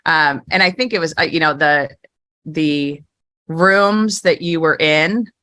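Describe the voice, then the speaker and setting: Deep, bright-toned woman hosting a podcast. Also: takes it slowly. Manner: reflective, rambling, with many fillers. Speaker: podcast host. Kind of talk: casual interview chat.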